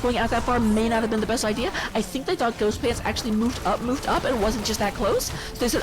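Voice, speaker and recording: A woman's voice: on the high side, fairly even intonation, a little fast, few pauses, over music. A woman casting a live online game match, giving chatty play-by-play with self-deprecating asides. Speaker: esports caster.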